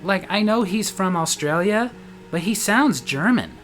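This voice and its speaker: A man's voice: high-pitched, expressive, unhurried, fairly bright tone, soft background music, pitched above the performer's own voice. A man voicing a sweet, clueless young woman who asks naive questions in an airy way.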